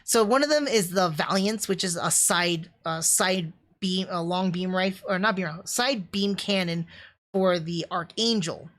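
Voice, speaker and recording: A woman's voice: on the low side, normal speed. A woman reviewing anime on a live stream, enthusiastic and rambling, full of fillers and restarts. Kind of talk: casual livestream review.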